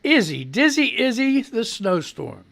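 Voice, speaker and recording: A man hosting a casual live radio show, rambling loudly and swearing freely from a home studio. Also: very high voice, very animated, a little slow, vocal fry. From United States.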